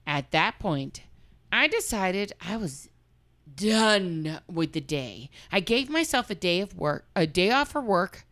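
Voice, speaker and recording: A woman's voice: medium pitch, very animated, measured pace, fairly bright tone. A woman co-hosting a podcast, reading a listener's story aloud and chatting frankly with lots of swearing. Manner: frank, profane, laughing. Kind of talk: casual comedic chat and story reading.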